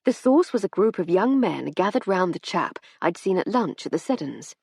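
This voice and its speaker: A woman narrating a first-person audiobook in a lively, expressive way. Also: fairly low pitch, moderate pace, creaky, hardly any pauses, slightly rough, dry recording, clean studio sound.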